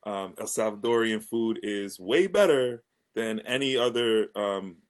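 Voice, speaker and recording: A man's voice: on the low side, a little slow. A man in a casual chat who jokes around and laughs between his lines.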